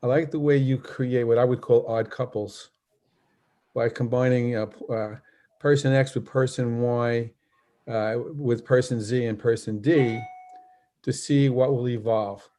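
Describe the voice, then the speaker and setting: A man's voice: medium pitch, fairly even intonation, a little slow, warm tone. A man hosting an interview who praises his guest effusively and stammers and repeats words as he talks. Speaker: host. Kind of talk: interview chat.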